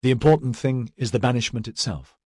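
A man voicing a composed constable, husky. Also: medium pitch, fairly quick, a little mellow, no echo, clean studio sound, pitched above the performer's own voice, close to an everyday voice. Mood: measured.

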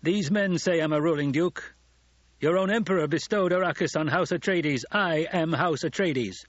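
A man's voice: medium pitch, normal speed, husky, no echo, lightly acted. A man voicing a commanding young male duke in a storybook reading, stern and giving orders. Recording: dull lo-fi audiobook recording.

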